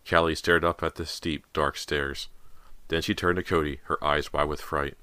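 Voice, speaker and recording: Very deep, bright-toned male narrator. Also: normal speed, dry recording, clean studio sound. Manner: dramatic, expressive reading. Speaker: audiobook narrator. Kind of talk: scripted narration.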